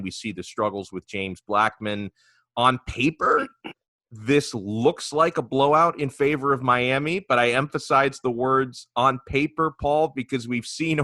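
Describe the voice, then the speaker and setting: A man's voice: mid-range voice, a bit bright, no echo. A man hosting a sports talk podcast, chatting casually about football with lots of filler words. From South Florida.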